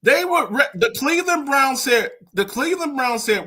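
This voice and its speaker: Animated, bright-voiced man arguing sports. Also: very high voice, normal speed, hardly any pauses. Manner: animated, emphatic, repeats himself. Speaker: show regular. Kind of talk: heated sports talk.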